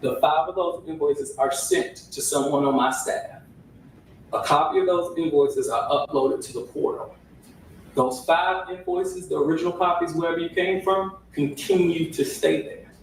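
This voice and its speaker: A man's voice: fairly high pitch, fairly even intonation, moderate pace. A man testifying as a records custodian, picking his words carefully and checking in with "right?". He sounds distant, caught from across a heavily echoing courtroom with faint hiss underneath. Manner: hedging, repeats "right?" to check in. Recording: echoey room audio from far off, faint hiss.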